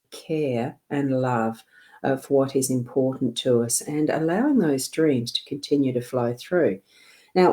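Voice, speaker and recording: A middle-aged Australian woman with a low, mellow voice talks viewers through a live card reading at her desk at home. She speaks gently and wanders between thoughts, filling pauses with "um" and "you know" and correcting herself as she goes. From South Australia. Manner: meandering, gentle, with frequent fillers and self-corrections. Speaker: psychic card reader.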